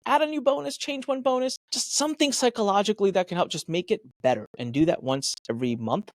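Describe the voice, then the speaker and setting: A man guest on a podcast, giving energetic, emphatic business advice and acting out his own thoughts in quick asides. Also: high voice, no echo. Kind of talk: animated advice talk.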